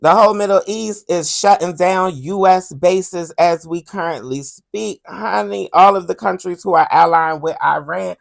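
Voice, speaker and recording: A woman hosting a current-events commentary show in a sassy, animated style. Her voice sits low with a gravelly fry in it. She keeps up the attitude and calls her listener "honey". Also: moderate pace, few pauses. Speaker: commentary podcast host.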